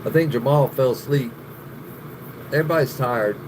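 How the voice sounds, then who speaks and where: A man's voice: medium pitch, moderate pace, background noise. A man hosting a live stream, chatting casually with viewers, swearing a lot, laughing often and rambling.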